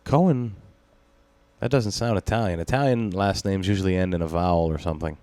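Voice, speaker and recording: A man with a deep, low voice hosts a casual podcast, rambling through loose banter, swearing freely and breaking into laughter. The sound is dry and close, with no room around it. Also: a little fast, warm tone, no echo. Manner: rambling, profane, laughs often. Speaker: podcast host. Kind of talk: casual chat.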